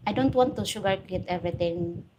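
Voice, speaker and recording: A woman from the Philippines with a Filipino accent hosts a live stream, her lowish voice a little fast over a noisy background. She answers viewer comments bluntly, preachy and straight-talking.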